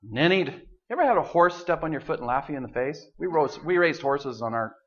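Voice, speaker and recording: High-voiced pastor joking through a sermon. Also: male voice, expressive, brisk, lo-fi sound. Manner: casual, joking storytelling.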